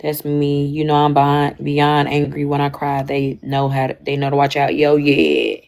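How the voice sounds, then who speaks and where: A young woman talking candidly and casually to her stream audience, animated and slangy, swinging between loud bursts and quiet asides. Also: deep voice, moderate pace, creaky. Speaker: livestream host. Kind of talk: casual chat.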